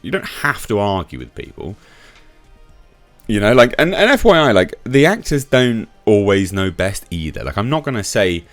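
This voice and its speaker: A very deep-voiced man talks through his commentary in a casual, sarcastic way, and his lively delivery leaps from low mutters to sharp high bursts. The recording is dry and close, with faint music underneath. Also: moderate pace, no echo. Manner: sarcastic, chatty, swings from low mutter to sudden high emphasis. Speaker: YouTube commentator. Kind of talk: casual commentary reading quotes.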